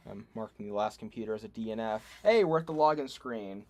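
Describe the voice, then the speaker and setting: A man's voice: on the low side, expressive, fast talker, noisy background. A man commenting casually on a livestream as he tests old computers at home, rambling, joking and laughing at himself. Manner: rambling, self-deprecating, laughs often. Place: home room.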